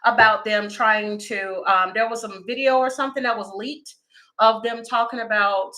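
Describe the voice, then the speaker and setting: A woman chats through a tarot reading on a livestream and talks directly to her audience. Her voice sits fairly high and has a bright edge. She sounds lively and informal as she jumps from joking to urgent appeals. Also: moderate pace. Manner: chatty, animated, talks straight to viewers. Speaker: tarot reader.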